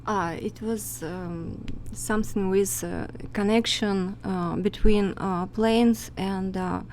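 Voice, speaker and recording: A woman who is not a native English speaker, recounting a flight in halting English with many pauses, as a guest in a casual talk. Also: medium pitch, steady tone, a little mellow, a little hiss or hum. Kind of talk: casual chat.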